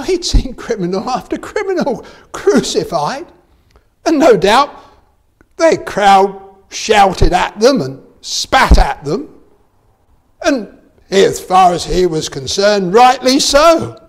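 Slow, animated preacher delivering a sermon. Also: medium pitch. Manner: emphatic, rising to fervent peaks; reads scripture aloud in King James wording.

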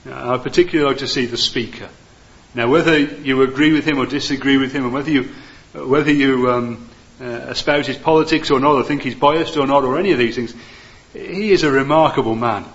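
A man preaching a sermon, earnest and gentle, with many "uh" fillers. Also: medium pitch, brisk, dull audio.

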